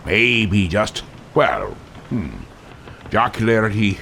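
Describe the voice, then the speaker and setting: Gravelly mock-pirate radio DJ man. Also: on the low side, wildly swooping pitch, a little slow, sharp tone, a little hiss or hum. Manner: jokey mock-pirate talk, playful wordplay. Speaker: radio show host. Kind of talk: casual radio DJ patter. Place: radio studio.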